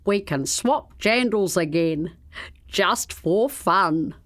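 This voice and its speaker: Brief: storybook crocodile, male, cheery but easily cross, higher and slower than the narration, read by a woman. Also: expressive, no room sound, clean studio sound. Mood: friendly.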